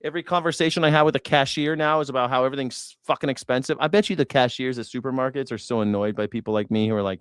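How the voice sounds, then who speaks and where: A man's voice: medium pitch, very fast, smooth, no echo, studio quality. A man hosting a news reaction show, chatting casually in a rambling, profane, sarcastic way. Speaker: host.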